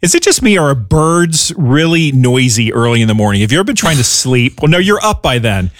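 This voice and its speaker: A man co-hosting a radio fundraising drive, joking playfully and reading phone numbers out slowly in a studio. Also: mid-range voice, big pitch swings, no echo. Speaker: radio co-host.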